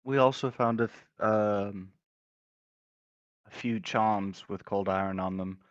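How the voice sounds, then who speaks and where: A man's voice: lowish voice, slow pace, dry recording, dull audio. A man playing his character in a tabletop game, speaking earnestly and searching for words. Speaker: player. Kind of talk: in-character tabletop role-play.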